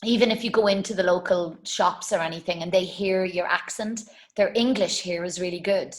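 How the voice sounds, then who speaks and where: A woman's voice: lowish voice, steady tone, fairly quick. A middle-aged woman, a guest on a video call, chatting casually with lots of "you know". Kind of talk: casual interview chat.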